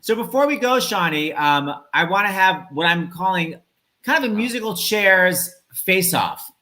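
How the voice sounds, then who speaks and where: A man hosting a live-streamed chat over a video call, telling stories in a quick, animated way. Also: high voice. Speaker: host.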